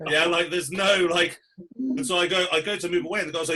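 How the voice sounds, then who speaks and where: Man, podcast co-host, bright tense voice, swearing a lot, animated storytelling. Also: high voice, rapid-fire. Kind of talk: casual chat.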